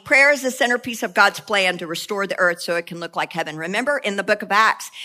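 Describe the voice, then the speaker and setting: A woman's voice: on the high side, sharp tone. A woman preaching a sermon with passion, mixing joking asides with fervent repeated cries.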